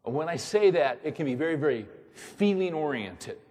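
This sermon comes from a man whose voice is a little high and darkish in tone, animated and at normal pace. He hammers his points through repetition and rhetorical questions, his words echoing with the long reverb of a large hall.

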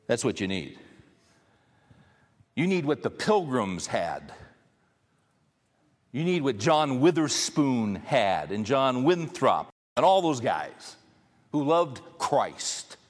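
A man's voice: medium pitch, big-room sound. A man preaching a sermon to his congregation, emphatic and conversational, driving points home through repetition. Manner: emphatic, repeats key phrases for stress; conversational, addresses the congregation directly. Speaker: pastor.

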